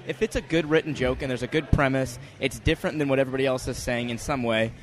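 A man's voice: mid-range voice, steady tone, quick pace. A man talking frankly as a recurring guest in a casual podcast chat. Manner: candid, frank storytelling.

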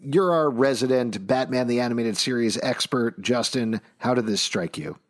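A man co-hosting a casual comic review chat, reading out book credits in a brisk, chatty way. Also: medium pitch. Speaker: podcast co-host presenting comics.

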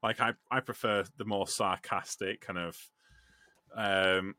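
A man's voice: fairly low pitch, unhurried. A man hosting a podcast, swearing casually and restarting his sentences as he tells stories. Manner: animated, swears, restarts a lot when telling stories. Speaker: podcast host. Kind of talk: casual chat.

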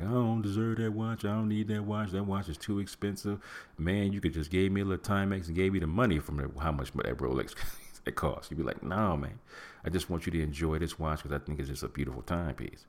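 A middle-aged man hosting a podcast, giving animated, preachy advice in casual talk and acting out what people say. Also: rumbling low. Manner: preachy, animated, acts out quotes and hums. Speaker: podcast host.

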